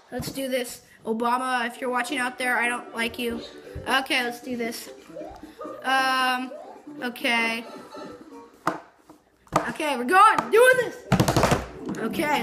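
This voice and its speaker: A woman giving foul-mouthed, mocking commentary over gameplay and breaking into yells. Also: high-pitched. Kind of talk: profane ranting game commentary. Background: game music.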